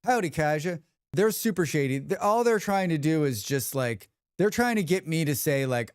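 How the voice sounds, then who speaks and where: A man talks casually with his stream's viewers, his smooth, resonant voice swinging widely in pitch. He tells stories animatedly, acting out other people's lines and swearing freely. The sound is dry and close. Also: moderate pace, no room sound. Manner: animated storyteller who acts out quotes and swears freely. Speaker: livestream host. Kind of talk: casual livestream chat with viewers.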